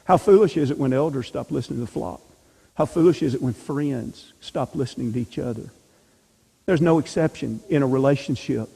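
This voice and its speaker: Mellow man teaching a church class. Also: medium pitch, fairly quick, creaky, breathy edge. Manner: emphatic, asks rhetorical questions. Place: church meeting room. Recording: long hall reverb.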